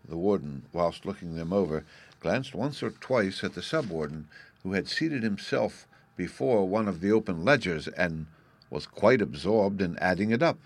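A man narrates a storybook in a measured, even way. His voice sits on the low side, and the sound is dry and close. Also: dry recording.

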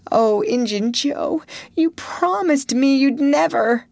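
A man's voice: high-pitched, expressive, a little slow, vocal fry, a little mellow, no room sound, pitched above the performer's own voice, heavily acted. A woman voicing a frightened, broken middle-aged village man who sobs and pleads in rustic speech. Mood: sobbing plea.

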